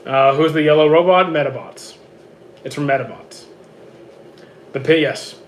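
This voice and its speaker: A man with a hoarse, worn-out voice reads out viewer questions and answers them offhand in casual livestream chat from home. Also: fairly high pitch, moderate pace, slight background noise. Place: home with roommates.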